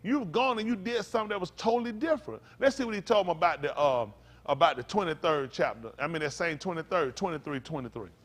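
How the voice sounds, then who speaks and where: This pastor's voice sits on the high side and sounds animated as he preaches conversationally, quizzing his congregation. Now and then he pauses to spell Hebrew words out slowly.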